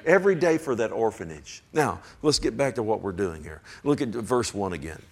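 Gravelly older man preaching a sermon. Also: on the low side, very animated, brisk. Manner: folksy, rambling storytelling with frequent "amen?" to the congregation; swings from hushed to loud and emphatic.

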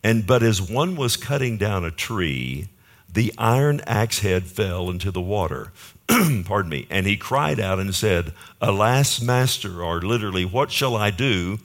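A male pastor delivers a sermon to his congregation in a relaxed, conversational way. His voice sits on the low side, and he keeps turning to the listeners with rhetorical questions. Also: measured pace. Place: church.

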